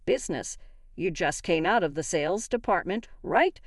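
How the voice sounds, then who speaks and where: A woman voicing a rude, arrogant male company director who shouts and sneers with disdain. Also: fairly low pitch, expressive, moderate pace, no echo, studio quality. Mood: sneering.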